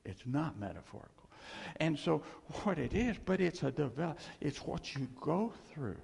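A man preaching an informal sermon, animated and self-deprecating, with rambling asides. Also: on the high side, normal speed, gravelly, slightly rough, big-room sound.

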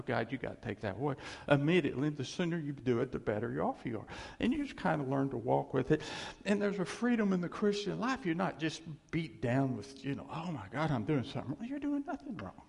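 An older man giving a casual, folksy sermon, chuckling often and teasing himself, with a gravelly voice. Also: a little high, darkish tone. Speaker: preacher. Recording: reverberant hall.

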